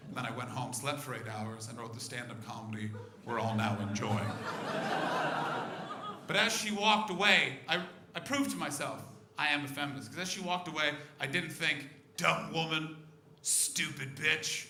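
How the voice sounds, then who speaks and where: A male stand-up comedian on a comedy club stage, talking brashly and profanely and breaking into loud shouts. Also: mid-range voice, moderate pace, crowd noise. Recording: echoey club room with audience noise.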